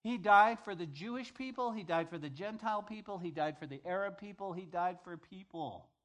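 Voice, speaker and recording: A man's voice: high-pitched, brisk, fairly bright tone. A male pastor giving a conversational sermon, reading scripture aloud and paraphrasing it in everyday speech.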